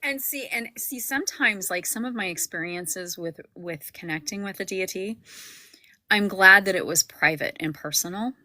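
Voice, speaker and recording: A woman hosts a casual livestream book discussion, her voice bright and forward. The sound is dry and close, with no room around it. She rambles, restarting sentences and filling gaps with "um" and "you know.". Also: medium pitch, normal speed, dry recording, poor audio. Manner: rambling, full of fillers and restarts. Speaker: book club host.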